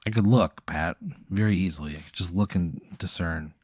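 A man co-hosting a podcast, reacting in deadpan, exasperated, swearing banter. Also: deep voice, normal speed, slightly rough, no room sound, clean studio sound. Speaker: podcast co-host. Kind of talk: casual comedic banter.

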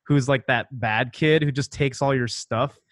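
A man's voice: mid-range voice, normal speed, a bit bright, no echo. Man chiming in, dry close sound. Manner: sympathetic, chiming in with questions. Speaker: conversation partner. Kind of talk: casual chat.

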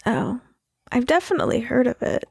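A woman co-hosting a casual podcast while sick, her voice rough, rambling and self-deprecating with many restarts. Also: fairly high pitch, sing-song, brisk, no room sound, clean studio sound. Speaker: podcast co-host.

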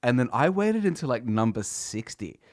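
A man hosting a casual podcast, telling stories in an animated, swearing way while drinking beer. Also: medium pitch, moderate pace, no echo, clean studio sound. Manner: animated storyteller, swears freely. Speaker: podcast host.

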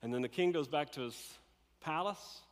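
A man preaching a sermon, telling a Bible story in an animated, conversational way and acting out the characters. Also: a little high, moderate pace, in a large hall. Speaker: pastor.

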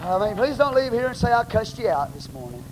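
A man with a Texan accent, preaching a sermon as pastor in a blunt, plain-spoken way, bursting into shouts. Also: sits high, big pitch swings, fast talker. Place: church sanctuary. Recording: noisy live church recording.

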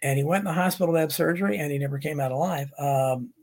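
A middle-aged American man talks casually on his livestream, drifting between viewer comments and stories. His voice is husky and sits a little high for a man. He restarts sentences often and wanders off on asides. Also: steady tone, fast, darkish tone. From United States. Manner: rambling, many restarts and asides. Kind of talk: casual rambling chat.

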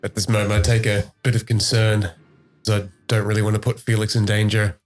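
A man's voice: on the low side, little pitch movement, a little fast, faint music behind. A man playing in a tabletop game, talking casually and thinking aloud about his moves. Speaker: player.

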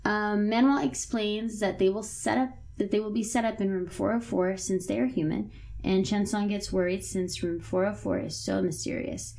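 A woman's voice: mid-range voice, fairly even intonation, normal speed, gravelly, darkish tone. A woman co-hosting a podcast, casually chatting and recapping a TV show, laid-back and swearing now and then. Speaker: podcast co-host.

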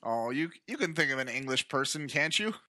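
An American man in his thirties trades dry, teasing jokes with his podcast co-host. His voice sits at a middle pitch with a bright, forceful tone. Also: lively intonation, fairly quick. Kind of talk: casual chat.

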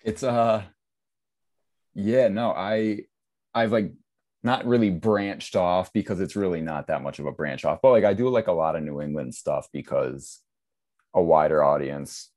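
A man's voice: low voice, measured pace, darkish tone. A young man from Massachusetts with a mild local accent, a guest chatting casually in a laid-back, rambling way. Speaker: guest, TikTok creator. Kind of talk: casual chat.

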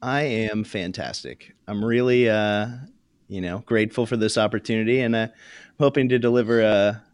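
Low-voiced man reading quiz questions. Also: steady tone, moderate pace, smooth, dry recording, clean studio sound. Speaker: guest quizmaster. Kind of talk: casual chat, reading trivia questions.

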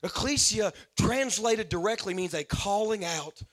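High-voiced preacher building fervor. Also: male voice, animated, measured pace, fairly bright tone. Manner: preaching with rising fervor and repetition; addresses listeners as "man", calls for responses. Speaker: pastor. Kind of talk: sermon.

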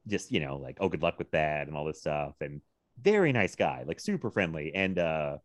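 A man in his thirties from Virginia, co-hosting a podcast, telling animated stories with frequent laughter. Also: extremely low pitch, normal speed, dry recording. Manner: animated storytelling, laughs often, quotes people in lively voices. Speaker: podcast co-host. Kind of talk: casual chat.

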